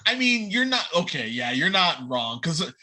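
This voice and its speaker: A podcast host chatting casually about a movie, animated, swearing often and leaning on "like" fillers. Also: medium pitch, moderate pace. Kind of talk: casual movie review chat.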